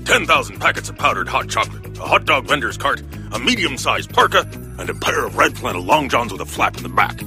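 A man voicing a gruff, middle-aged cartoon spy chief who gives brisk, commanding briefings. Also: mid-range voice, big pitch swings, bright, forceful tone, soft background music, full character voice.

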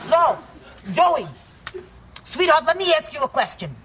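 A woman's voice: sits high, sing-song, unhurried, fairly bright tone, slight background noise, exaggerated voice. An actress playing a pushy, wisecracking female talent agent who talks brassy and bossy.

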